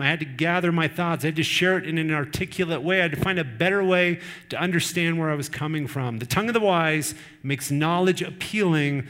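Middle-aged male pastor, earnest conversational sermon delivery, slightly higher voice. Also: a little fast, hardly any pauses, a bit bright. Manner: earnest, conversational preaching with personal stories.

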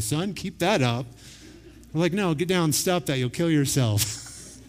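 A pastor in his forties preaches with a fairly high voice. He tells family stories with humor and energy. The sound rings with the long reverb of a church hall. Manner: lively storytelling with humor. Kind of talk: sermon.

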